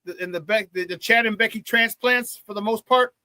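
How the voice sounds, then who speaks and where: Male sports talk host, high, bright voice, dry close mic, excitable and chatty with the chat. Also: fairly quick, dry recording. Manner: excitable and hyped, with frequent laughs and slang. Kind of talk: live-streamed sports talk, reading viewer chat.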